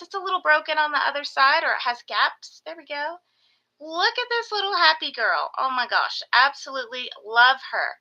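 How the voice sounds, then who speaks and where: Woman, high-pitched, casual live stream host, gushing, baby-talking to pets. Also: pushed and bright, lo-fi sound. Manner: gushing, baby-talks to her geckos. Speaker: reptile breeder hosting a live sales stream.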